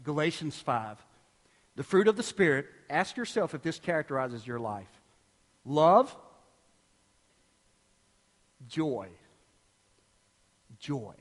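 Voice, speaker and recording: A man with a high voice delivers a sermon from the pulpit. His delivery swings between forceful outbursts and soft, hushed asides. The church around him carries a long, ringing reverb. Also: unhurried, pauses often. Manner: animated preaching, swinging from loud bursts to hushed tones. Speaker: pastor.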